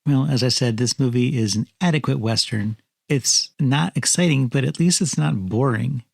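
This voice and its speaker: A man co-hosting a film podcast, talking in a measured, matter-of-fact way with dry humor. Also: medium pitch, creaky, no echo. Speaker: podcast co-host. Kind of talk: casual film review chat.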